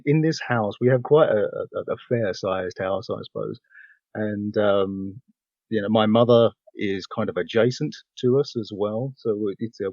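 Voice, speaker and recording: Husky English man chatting on a podcast. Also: fairly low pitch, darkish tone, dry recording, dull audio. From England. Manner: chatty, laughs often, many fillers and restarts. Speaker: voiceover actor guest. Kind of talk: casual podcast chat.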